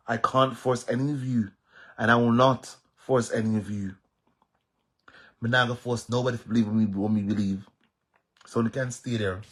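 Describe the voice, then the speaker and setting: Husky Jamaican man, defiant monologue. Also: fairly low pitch. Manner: emphatic, repetitive, defiant. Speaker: social media commentator. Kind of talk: casual monologue to viewers.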